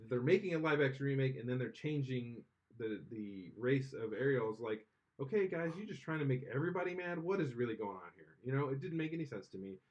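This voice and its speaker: A man's voice: medium pitch, expressive, fairly quick, darkish tone, muffled recording. A man co-hosting a casual podcast chat, rambling and opinionated, full of restarts. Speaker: podcast co-host.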